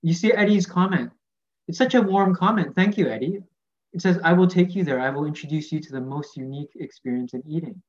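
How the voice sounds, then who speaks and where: Moderator on a video call, mid pitch, friendly and kinda hesitant, dull lo-fi audio. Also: brisk. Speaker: panel moderator. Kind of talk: hosting an online panel.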